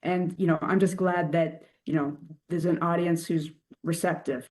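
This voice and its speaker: A woman's voice: lowish voice, fairly even intonation, normal speed, darkish tone. A female journalist talking casually in an interview. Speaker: reporter.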